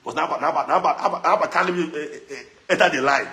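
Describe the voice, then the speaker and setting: A man's voice: on the high side, brisk. Mocking Nigerian man on a livestream. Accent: Nigerian, Edo. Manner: animated, mocking, laughing, mixing pidgin. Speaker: social media livestreamer. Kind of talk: casual livestream chat.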